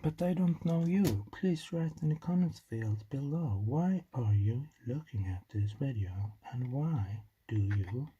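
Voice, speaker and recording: A man's voice: medium pitch, lively intonation, measured pace, hardly any pauses, dark tone, highs cut off. A man with a non-native English accent hosts a do-it-yourself electronics video. He talks casually and rambles with joking asides, muttering to himself as he works at a home workbench. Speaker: DIY electronics channel host. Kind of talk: casual talk-through while building a circuit. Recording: clear clicking and typing noise behind the voice.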